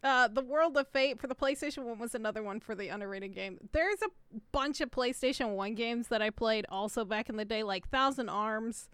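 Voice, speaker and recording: A young woman co-hosting a casual podcast, loud and laughing, swearing often. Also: fairly high pitch, brisk, clear, resonant tone, dry recording. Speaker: podcast co-host. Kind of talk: casual live-stream chat.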